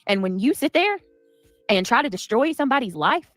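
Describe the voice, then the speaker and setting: A high-pitched woman runs a casual livestream, her voice bouncing around a wide range. She chats with her audience and thanks them one by one. The sound is dry, with faint music playing behind her. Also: very animated, a little fast, a bit bright, no echo. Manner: chatty, reads out and thanks viewers. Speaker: livestream host.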